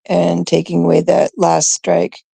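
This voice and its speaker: Gravelly, slow-talking woman scolding on stream. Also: lowish voice, monotone, dark tone, dry recording. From Canada. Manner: blunt, exasperated, scolding with frequent fillers. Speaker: live stream host. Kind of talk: ranting live stream commentary.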